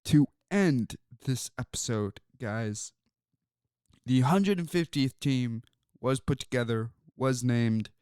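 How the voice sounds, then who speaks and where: A man's voice: mid-range voice, slow pace, a little mellow, clear, resonant tone, no echo, studio quality. A man hosting a sports talk show, telling stories in a rambling way with many fillers. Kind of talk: casual sports talk monologue.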